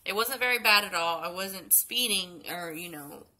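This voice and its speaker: A woman's voice: lowish voice, moderate pace, noisy background. A young woman telling a story in a casual vlog, tired and sick, rambling with many fillers and restarts. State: sleepy and sick, yawning. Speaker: vlogger.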